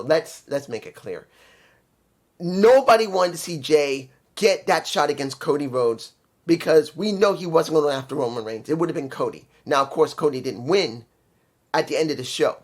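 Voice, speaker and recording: Man in his fifties, slightly high-pitched, opinionated, rambling, casual review talk. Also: animated, moderate pace. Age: 50s. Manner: opinionated, rambling, frustrated asides. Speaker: wrestling commentary vlogger.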